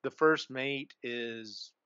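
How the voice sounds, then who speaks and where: A man's voice: mid-range voice, drawn-out words, pushed and bright, smooth, dry recording. A man hosting a podcast, casually retelling a book's plot in a rambling way full of fillers and restarts. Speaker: podcast host. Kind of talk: casual book discussion. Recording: dull lo-fi recording.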